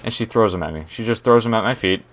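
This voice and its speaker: A young man with a lowish voice talks quickly, spinning a meandering work anecdote over shooter gameplay and frequently stopping to respond to what's happening in the match. There's a little hiss or hum in the recording.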